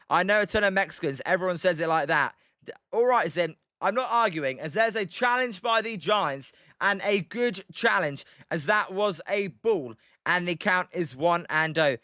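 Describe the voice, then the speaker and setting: A young British man calls a baseball game live and keeps breaking off to answer chat by name, with plenty of ums along the way. His voice sits high and bright. The recording is clean and dry. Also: smooth, no room sound. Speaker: livestream baseball commentator. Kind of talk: casual play-by-play with chat replies.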